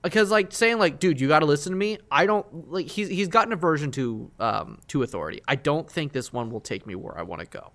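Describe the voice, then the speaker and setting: Animated young man streaming a game. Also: on the high side, fairly quick, few pauses. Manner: reasoning aloud, excitable, many fillers. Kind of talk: playing a game live, thinking aloud.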